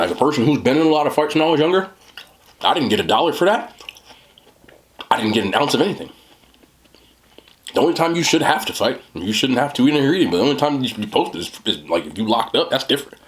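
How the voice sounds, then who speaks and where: A young man rambling in casual talk while eating on camera, swearing and saying "bro" a lot. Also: a little hiss or hum. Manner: animated, swings from low mutter to high laughing jabs. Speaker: mukbang creator.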